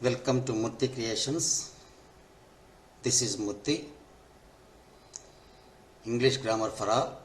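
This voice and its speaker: A man's voice: medium pitch, slow pace, pauses often, slight background noise. A man teaching an English grammar lesson, who repeats each point and spells out the forms step by step. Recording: echoey room.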